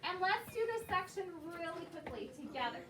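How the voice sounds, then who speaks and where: A woman's voice: very high-pitched, lively intonation, fairly quick. A woman teaching a second grade phonics lesson in a classroom, patiently prompting the class with questions and cues. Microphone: far camera. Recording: echoey classroom, far from the mic, with room noise.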